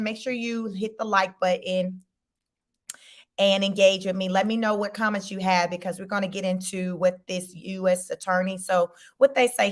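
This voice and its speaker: A woman hosting a casual live-stream, chatty and animated, laughing often, speaking. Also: mid-range voice. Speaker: host.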